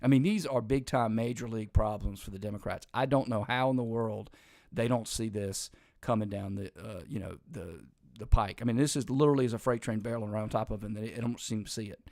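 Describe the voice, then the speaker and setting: A man's voice: on the low side, brisk, gravelly, a little mellow, no echo, studio quality. A man hosting an opinionated political commentary show, talking emphatically and in a rambling way, with frequent restarts and sarcastic asides.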